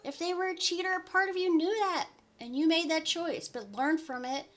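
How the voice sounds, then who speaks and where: Chatty lady coach in her 40s, bright high voice, upbeat and encouraging. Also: moderate pace. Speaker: life coach. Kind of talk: motivational vlog talk.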